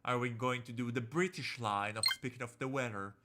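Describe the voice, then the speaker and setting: A man's voice: medium pitch, steady tone, fairly quick, noisy background. A man streaming a visual novel. He reads the game text aloud and jokes around in a playful, campy way. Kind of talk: casual gameplay commentary, reading game text aloud. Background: faint game music.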